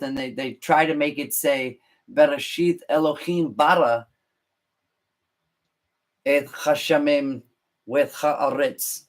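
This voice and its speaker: A man hosting a podcast, explaining scripture in unscripted talk, halting and deliberate with frequent restarts. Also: a little high. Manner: halting, many restarts and fillers, slow and deliberate. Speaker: podcast host.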